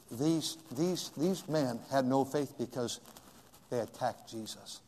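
A male pastor preaching a sermon in a church, swinging from shouting to hushed tones with emphatic repetition. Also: medium pitch, unhurried, in a large hall. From California. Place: church sanctuary.

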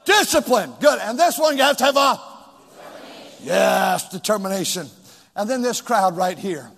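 A male pastor preaching a sermon with call and response to his congregation, rising into shouts. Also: high-pitched, expressive, normal speed, creaky. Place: large church hall with two floors. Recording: long hall reverb.

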